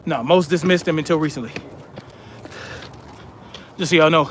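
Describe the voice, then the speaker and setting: Male streamer, high voice, blunt casual talk to his chat, faint traffic noise behind. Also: steady tone. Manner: blunt, conversational, drawn-out emphasis. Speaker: live stream host. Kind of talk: casual live-stream chat reading comments.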